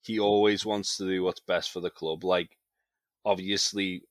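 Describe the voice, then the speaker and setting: A man's voice: low-pitched, level tone, a little slow, no room sound. A man co-hosting a casual TV review chat, analysing loosely with plenty of fillers. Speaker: podcast co-host.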